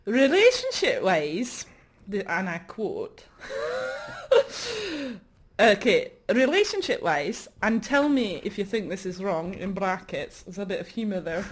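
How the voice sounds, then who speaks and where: A woman's voice: medium pitch, wildly swooping pitch, slow, a little hiss or hum. A woman artist performing comic, rambling chat, self-mocking and laughing often.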